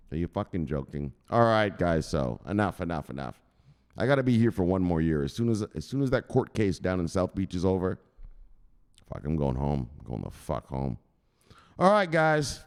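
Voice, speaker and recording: A man's voice: sits low, vocal fry. A man hosting a crypto news show, ranting in a casual, profane way on a livestream. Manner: profane and animated. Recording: roomy reverb.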